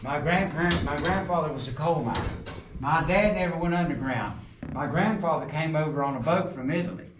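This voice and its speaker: Recorded at a distance with a little background noise, a middle-aged tour guide talks briskly to a group in an underground coal mine. His fairly high voice echoes through the tunnels as he tells folksy stories, cracks jokes and quizzes the visitors.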